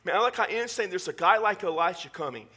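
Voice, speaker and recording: High, lively Southern Texas preacher man. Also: a little fast, breathy edge. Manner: animated, joking asides. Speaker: pastor. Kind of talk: sermon. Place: church.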